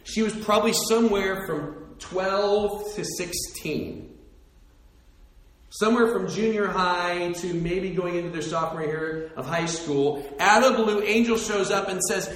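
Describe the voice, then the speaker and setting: A man preaching a sermon as a pastor, telling the story in an animated way and acting out the characters. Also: high-pitched, unhurried, heavy reverb, poor audio.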